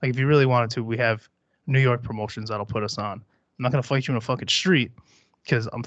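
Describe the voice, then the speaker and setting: A man's voice: mid-range voice, steady tone, quick pace, a bit bright, no room sound, highs cut off. A man in his thirties hosting a podcast, talking bluntly and dismissively with plenty of swearing. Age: 30s. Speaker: podcast host. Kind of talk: casual chat.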